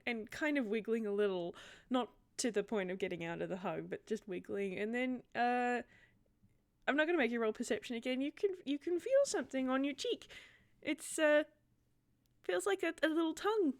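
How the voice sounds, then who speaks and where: A woman running a tabletop game as game master, narrating in a gentle, giggly way. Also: high voice.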